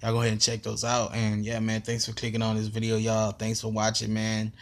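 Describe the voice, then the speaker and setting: A man's voice: on the low side, completely flat delivery, fairly quick. A young man vlogging a casual storytime, rambling and slangy with lots of fillers.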